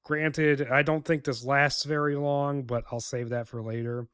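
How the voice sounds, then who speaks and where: A man talks through a film script on his podcast, sarcastic and rambling, often stopping to restart his sentences. His voice sits in a middle pitch. The sound is dry and close to the microphone. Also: flat delivery, a little slow, a bit bright, clean tone, no echo. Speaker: podcast host. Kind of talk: casual spoken film script review.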